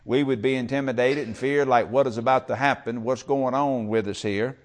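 A man preaching a sermon in church, talking with the congregation and swinging from loud, stretched-out calls to quiet whispers. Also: medium pitch, steady tone, fairly quick. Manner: talks with the congregation, calls for amen and uses y'all. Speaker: pastor.

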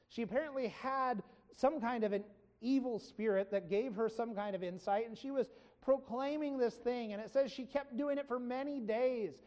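A Bible study teacher walks through a scripture passage in a relaxed, conversational way. The speaker often stops to correct themself and retells the story in plain everyday words, at a mid pitch. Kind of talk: informal Bible lesson.

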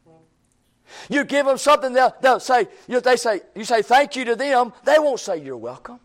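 A man's voice: extremely high pitch, moderate pace, fairly bright tone. A male preacher, delivering a sermon in a church with a repetitive, emphatic cadence.

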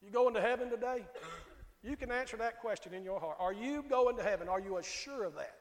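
High-voiced Southern preacher in a hall. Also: male voice, fairly quick. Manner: folksy storytelling, calls out to the congregation. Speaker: pastor. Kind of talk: sermon. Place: church sanctuary. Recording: reverberant church hall.

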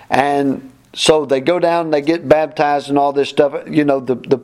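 A man's voice: fairly high pitch, steady tone, normal speed, hardly any pauses, darkish tone. A man teaching a verse-by-verse Bible class, plainspoken and emphatic, often repeating his points.

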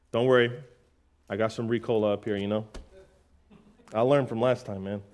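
A man's voice: fairly low pitch, steady tone, unhurried, a little mellow. A man preaching an expository sermon as pastor, asking the congregation questions and dropping in casual asides. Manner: call-and-response questions to the congregation.

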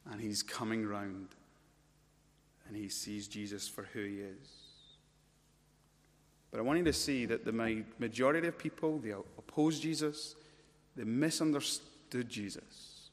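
A man's voice: unhurried, pauses often. Male preacher in a reverberant hall. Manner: rises to loud, high-pitched emphasis when stressing points. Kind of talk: expository sermon.

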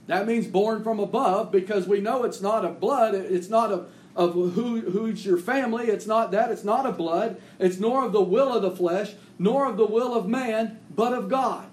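A man preaching a sermon as pastor. He swings between loud, emphatic declarations and hushed, intimate asides. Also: high voice, moderate pace, few pauses, reverberant.

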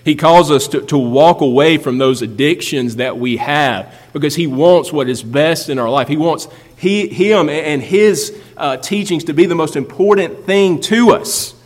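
A male pastor delivers a sermon with a slightly raised pitch, pressing his points with rhetorical questions. His voice rings out in a church sanctuary with a long hall reverb. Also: measured pace, hardly any pauses. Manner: preaching with rising emphasis and rhetorical questions.

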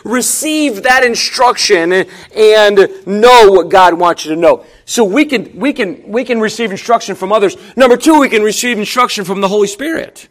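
Speaking at a moderate pace with barely any pauses, a middle-aged pastor whose voice is notably high-pitched preaches conversationally to his congregation. He repeats phrases in stacks, alternating between emphatic, forceful climbs and quiet, low-key asides.

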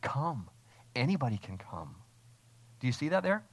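A man's voice: medium pitch, very animated, normal speed, husky. A man preaching an expository sermon as a pastor, speaking with emphasis and asking his congregation rhetorical questions. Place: church, streamed online.

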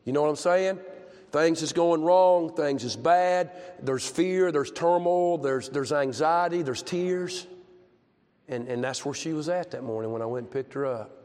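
A man's voice: a little high, a little slow, a little mellow. A man preaching a conversational sermon, telling a personal story and asking the congregation questions again and again. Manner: repetitive, rhetorical questions to the congregation. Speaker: pastor. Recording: long hall reverb.

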